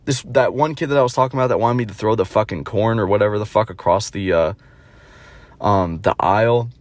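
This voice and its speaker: A man's voice: fairly low pitch, fairly quick, no echo. A young man in his twenties telling stories in a profane, rambling, mocking comedic rant.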